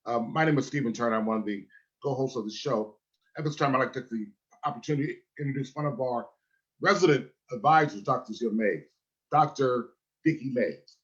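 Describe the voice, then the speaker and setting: A male co-host speaks in a measured, courteous way as he thanks the guest and introduces the next speaker. His voice sits in a middle range. It comes through dull and lo-fi. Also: medium pitch. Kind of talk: formal on-air thank-you and introduction. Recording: muffled lo-fi audio.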